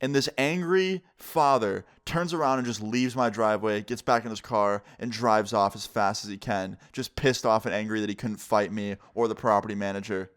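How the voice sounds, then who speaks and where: A man's voice: on the low side, normal speed, hardly any pauses, clean tone. A man in his twenties casually telling a storytime vlog story, swearing often. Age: 20s. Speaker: vlogger.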